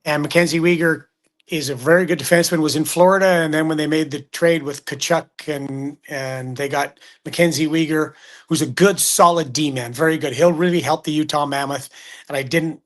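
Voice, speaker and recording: A middle-aged man talks hockey in a relaxed, chatty way. His voice sits a bit high for a man, and he slips into quoted voices as he tells his stories. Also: moderate pace. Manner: animated storyteller, acts out quotes. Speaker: hockey broadcaster guest. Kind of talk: casual sports chat.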